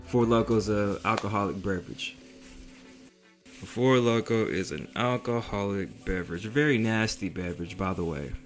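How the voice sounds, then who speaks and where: A man telling a story in a casual vlog, in a slangy, profane, animated way. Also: lowish voice, normal speed, faint music behind.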